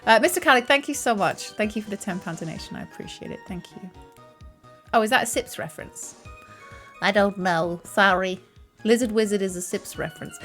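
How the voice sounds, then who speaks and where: A woman streamer chatting casually and thanking viewers, with quick apologetic asides. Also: medium pitch, fairly bright tone, faint music behind. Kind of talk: casual game stream chat.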